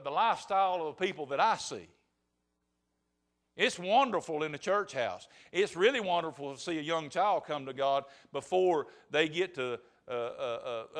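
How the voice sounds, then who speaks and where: A man's voice: on the high side, fairly bright tone. A man preaching a sermon in a folksy, emphatic storytelling manner.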